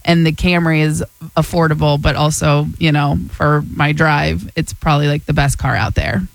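A woman's voice: sits low, steady tone, normal speed, vocal fry, dry recording. A woman co-hosting a casual talk show, chatting and laughing easily. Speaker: radio show co-host. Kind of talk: casual chat.

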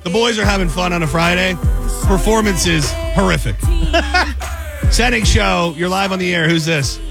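A man's voice: high voice, expressive, gravelly, over music. A male radio host joking through casual banter with callers and a co-host. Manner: wry, joking, quick asides.

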